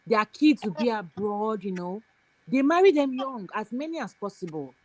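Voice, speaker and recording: A woman's voice: medium pitch, lively intonation, moderate pace, no room sound. A woman from Nigeria, calling in to a live show and explaining her view while checking that the listener understands. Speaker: caller. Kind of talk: call-in commentary.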